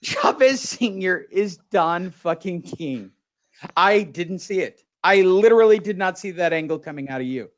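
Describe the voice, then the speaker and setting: A man in his thirties hosts a podcast in casual chat, excitable and theatrical, swearing and laughing often. His voice sits high at normal speed, and the recording is dull and lo-fi.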